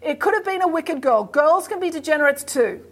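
A woman's voice: high-pitched, expressive, fairly quick, pitched above the performer's own voice. A woman with an Australian accent playing a dry, matter-of-fact mother in a children's story. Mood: wry.

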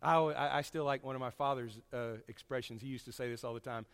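A man preaching a sermon to his congregation, folksy and storytelling, swinging from loud to hushed. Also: mid-range voice, steady tone, fast, smooth, in a large hall.

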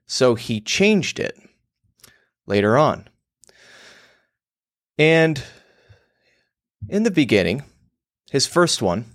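A man's voice: on the low side, gravelly, no room sound, studio quality. A man hosting his own show, delivering a crude, emphatic monologue on copywriting. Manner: emphatic, provocative, crude and theatrical.

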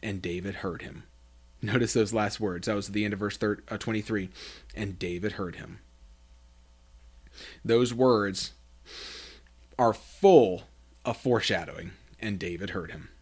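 A man hosting a Bible study podcast, reading scripture aloud and explaining it, acting out quoted lines with big pitch jumps. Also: measured pace, long pauses, a little mellow, husky.

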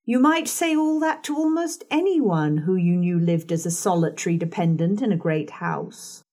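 A woman's voice: fairly low pitch, lively intonation, moderate pace, a little mellow. A woman voicing a composed, blunt young governess in an audiobook, answering curtly and coolly. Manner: curt, unimpressed.

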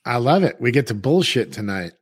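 A man's voice: medium pitch, sing-song, fairly quick, breathy edge, dry recording, studio quality. Ranting, swearing co-host man. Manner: ranting, swears, acts out customers in funny voices. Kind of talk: casual chat.

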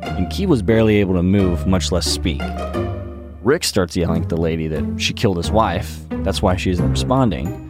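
A man's voice: low-pitched, lively intonation, moderate pace, loud music behind the voice. A man narrating a true story in a conversational way, with teasing asides to the listener.

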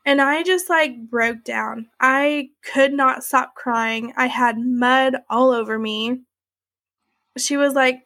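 A woman's voice: high voice, fairly even intonation, moderate pace, a bit bright, dry recording. A woman telling her own story in a candid, conversational way, with many fillers like "like" and "you know". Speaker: interviewee sharing her story.

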